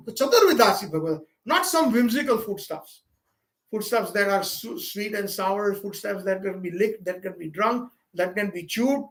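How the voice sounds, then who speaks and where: A man's voice: sits high, lively intonation, normal speed, a bit bright, reverberant. A man giving a sermon at a home program, telling a devotional story and acting out its dialogue, with fillers and repeated words. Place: home gathering room.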